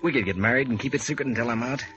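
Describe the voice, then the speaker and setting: An actor playing an eager, lovesick young sailor, earnest and pleading in 1930s radio drama style. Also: male voice, mid-range voice, racing, bright, forceful tone, natural voice. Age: young adult. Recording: scratchy dull old radio transcription.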